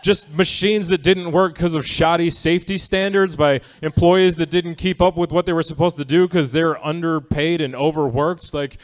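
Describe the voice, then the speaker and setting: A man's voice: fairly high pitch, steady tone, normal speed, few pauses. A man doing a stand-up comedy set on a theatre stage. He talks in a loose, wry, conversational way and often checks in with the crowd. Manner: conversational, wry, asks the audience "right?".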